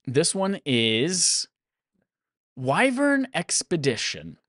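A man's voice: a little high, wildly swooping pitch, very slow, a bit bright, no echo, studio quality. A man hosting a casual gaming podcast, upbeat and laughing often as he runs a quiz game. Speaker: podcast host.

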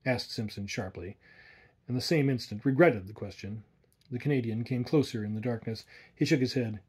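Mellow, husky male storyteller. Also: medium pitch. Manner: measured, atmospheric storytelling. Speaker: audiobook narrator. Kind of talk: scripted narration.

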